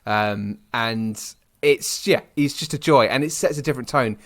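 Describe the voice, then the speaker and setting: A man's voice: mid-range voice, moderate pace, fairly bright tone, no room sound. Young British man, casual co-host, meandering chatty delivery, dry close mic. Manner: rambling, many restarts and fillers, says "mate". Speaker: podcast co-host. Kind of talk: casual chat.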